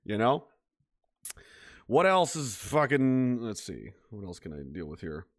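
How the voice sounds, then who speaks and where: A man's voice: medium pitch, very animated, unhurried. A man from Nova Scotia hosting a livestream, reading comments in rambling, profane chat and laughing often. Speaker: host.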